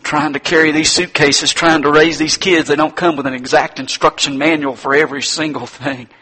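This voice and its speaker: Bright, husky-voiced male preacher. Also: on the high side, fairly even intonation, brisk. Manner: folksy storytelling. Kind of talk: sermon.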